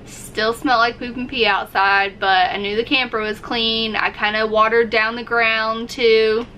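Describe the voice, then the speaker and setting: A woman's voice: on the high side, level tone, a little slow, bright, forceful tone, slight background noise, poor audio. A woman vlogger casually telling a story to camera, acting out her own reactions as she goes. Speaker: RV-living vlogger.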